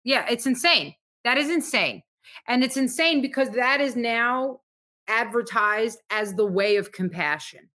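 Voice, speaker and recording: A woman from Montenegro talks in a casual podcast chat, emphatic and earnest as she tells stories. Her voice sits high and sounds bright and clear. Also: expressive, a little slow. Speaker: guest comedian.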